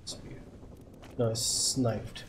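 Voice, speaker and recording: A man streaming a game live, thinking aloud and muttering options to himself. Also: drawn-out words. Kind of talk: live gameplay commentary. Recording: echoey room, faint background noise.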